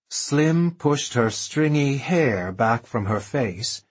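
A man narrating an audiobook in a measured, expressive way. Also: mid-range voice, slightly rough. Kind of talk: scripted narration.

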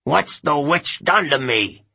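A hulking storybook pirate captain, voiced by a man reading aloud growls slow, heavy lines. The voice is rough and husky, with bellowing force. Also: a little high, expressive, sharp tone, no room sound, pitched above the performer's own voice, full character voice. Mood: gruff. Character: gruff big male pirate captain.

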